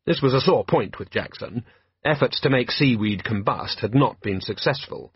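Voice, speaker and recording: A man's voice: medium pitch, lively intonation, moderate pace, breathy edge, no echo, highs cut off. A man reading an audiobook aloud with dry, wry storytelling. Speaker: audiobook narrator. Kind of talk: audiobook narration.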